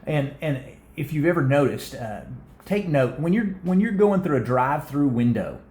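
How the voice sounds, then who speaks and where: A man co-hosting a marriage advice show, talking fast and energetically with frequent restarts. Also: fairly high pitch, animated, a little mellow, roomy sound, a little hiss or hum. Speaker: co-host of a marriage talk show. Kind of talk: casual advice talk.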